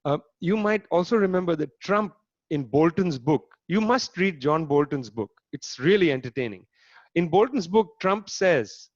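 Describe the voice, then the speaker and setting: Man, fairly high voice, emphatic sardonic lecturer, dry slightly dull online audio. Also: expressive, moderate pace, no room sound. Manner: sardonic, emphatic, asks the audience rhetorical questions. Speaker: speaker giving a political lecture. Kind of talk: animated lecture talk. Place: online talk, home setup.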